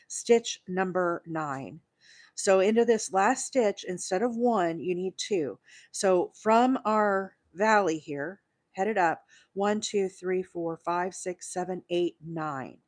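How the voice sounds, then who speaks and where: A woman's voice: medium pitch, no echo, studio quality. A woman hosting a live crochet stream, chatting with many fillers and counting stitches aloud as she works. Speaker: crochet host.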